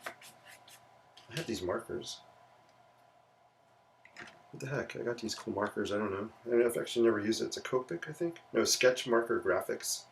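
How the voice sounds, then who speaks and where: A man's voice: on the low side, normal speed, vocal fry, long pauses, far from the mic, a little hiss or hum. A man hosting a live sketching and painting stream, talking casually and playfully to viewers as he works. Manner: relaxed, chatty, playful asides. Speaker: livestream art host.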